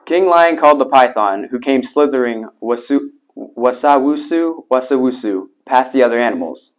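A man's voice: mid-range voice, expressive, brisk. A man reads a children's picture book aloud in a mid-range voice, adding little spoken sound effects along the way. His delivery is a plain storybook narration. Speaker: reader.

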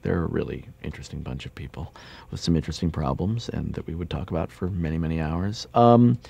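Low, gravelly man, wry rambling interview talk, dry studio sound. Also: quick pace, mellow. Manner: rambling, wry, many fillers. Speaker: voice actor interviewed about a game. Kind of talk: casual interview chat.

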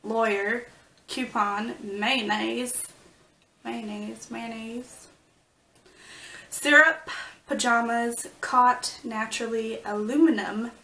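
A young woman from Northern California talks slowly and playfully, laughing at herself. Her voice is bright and a touch high, heard from a little away from the mic in an echoey room. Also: fairly even intonation, recorded from a distance. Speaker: guest. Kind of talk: casual chat.

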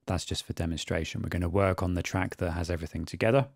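A man narrating an audio production tutorial in a calm, methodical way. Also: low voice, fast talker, creaky, breathy edge, dry recording, studio quality. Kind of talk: screen-recorded tutorial narration.

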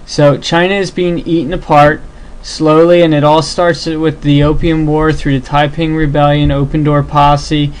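Male teacher, casual and filler-heavy, slightly higher voice, walks a class through slides. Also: little pitch movement, normal speed, clear, resonant tone, rough recording. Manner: loose, filler-heavy, restarts often. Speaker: history teacher.

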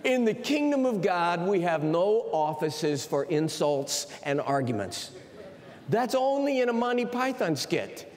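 A man's voice: sits high, big pitch swings, unhurried, a little mellow. A man preaching a sermon in a large auditorium, telling stories with emphasis. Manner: storytelling, emphatic. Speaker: university president preaching. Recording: long hall reverb.

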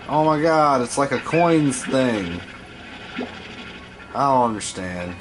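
A man's voice: medium pitch, lively intonation, slow, long pauses, over music. A man giving profane, scolding commentary while playing a video game. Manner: foul-mouthed, scolding the game creatures. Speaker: gameplay host.

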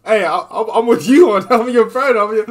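A man streaming a reaction to a video, talking in a casual, animated and profane way, often restarting his sentences. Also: high voice, fairly quick.

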